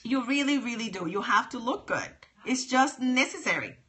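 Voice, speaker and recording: Middle-aged woman host, emphatic and sassy, bright and a little high; phone livestream chat. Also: expressive, moderate pace. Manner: emphatic, repeats her points, sassy. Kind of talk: casual livestream chat with viewers.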